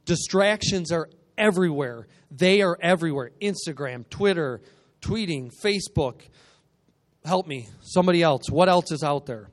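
Guest preacher, male, high-pitched, energetic and humorous, call-and-response sermon in a church. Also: moderate pace.

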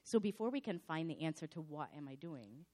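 Woman, pastor, sermon, slightly hoarse, lowish voice, dramatic storytelling. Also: very animated, fairly quick, warm tone.

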